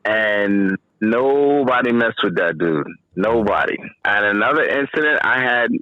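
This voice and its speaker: A man's voice: fairly low pitch, expressive, a little slow, dry recording, dull audio. A man, a former corrections officer, talking casually on a podcast about his work, matter-of-fact and repeating phrases for emphasis.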